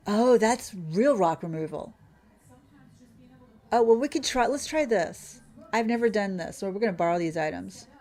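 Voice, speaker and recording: Woman streamer, chatty ranter who trails off mid-thought, mid-range voice. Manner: ranting, loses her train of thought, mimics others in a higher voice. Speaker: gaming streamer. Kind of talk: casual rant while playing.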